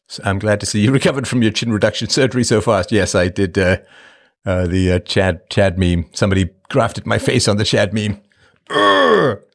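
Joking middle-aged man hosting a livestream. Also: fairly low pitch. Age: 50s. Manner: playful, jokey, slips into silly put-on voices. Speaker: livestream host. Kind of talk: casual livestream chat.

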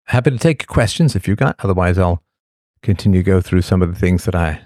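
A man's voice: low-pitched, lively intonation, quick pace, darkish tone, no echo, studio quality. A man hosting a casual livestream, talking in a rambling, sardonic way with frequent restarts. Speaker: livestream host.

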